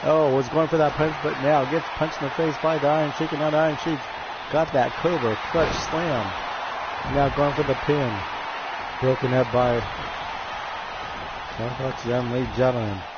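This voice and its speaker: A man's voice: medium pitch, fairly even intonation, moderate pace, long pauses, muffled recording, very noisy. A man hosting a game stream, giving jokey wrestling-announcer play-by-play, calling the crowd folks and often stumbling and restarting his phrases.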